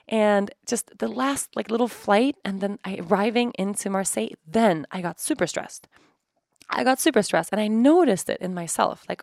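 A woman's voice: mid-range voice, animated, fairly quick, vocal fry, no echo, clean studio sound. A woman podcast host telling a personal story in a chatty way, full of "like" and "you know", acting out her own thoughts as she goes.

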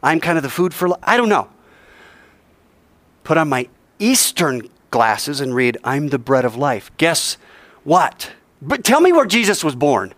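A male teacher giving an animated classroom lecture, quizzing the class and joking as he goes. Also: a little high, unhurried, pauses often, no echo.

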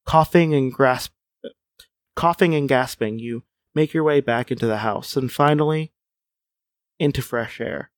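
A man's voice: mid-range voice, a little slow, dry recording, clean studio sound. A man reading a gamebook aloud as a podcast co-host, with wry asides and chuckles. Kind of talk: casual chat and read-aloud narration.

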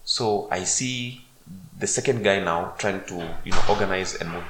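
Podcast guest, male, lowish voice, roomy echo; animated storyteller full of uhs and restarts. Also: normal speed, background noise. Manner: animated, many fillers and restarts. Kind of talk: storytelling a personal testimony.

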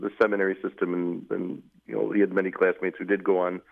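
A man, a newly appointed bishop, recounting his past in an interview in a measured, halting way with many fillers. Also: low voice, flat delivery, gravelly. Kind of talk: interview conversation, recounting memories. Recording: phone-like narrow band, radio broadcast.

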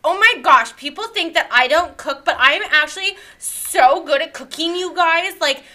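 A whiny, self-pitying influencer type, as a woman puts her on, her voice high and bright. She drags every complaint out with "like" and "you guys", all in an improvised comedy bit. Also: moderate pace. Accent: put-on Southern drawl.

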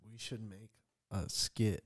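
A man's voice: lowish voice, level tone, slow pace, slightly rough. A young man co-hosting a podcast, laid-back and joking in casual chat, tossing out silly ideas. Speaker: podcast co-host.

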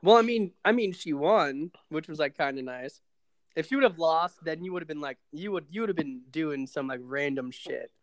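A man's voice: fairly high pitch, lively intonation, moderate pace, no room sound. A young man hosting a casual podcast, laid-back and hesitant, with lots of fillers. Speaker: podcast host.

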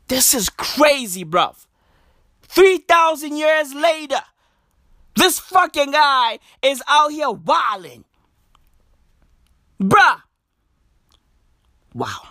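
A woman podcaster delivering a loud comedic rant, full of swearing and slang, often breaking into shouts. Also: mid-range voice, dry recording, clean studio sound.

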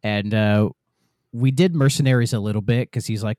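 A man in a casual podcast chat about games, talking in a relaxed, easygoing way with some hesitations. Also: on the low side, quick pace, no echo, studio quality. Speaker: podcast co-host or guest.

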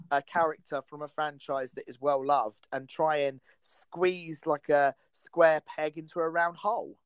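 A man's voice: fairly high pitch, fairly bright tone, no echo. A man hosting a podcast in casual chat, emphatic and enthusiastic, laughing often. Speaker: podcast host.

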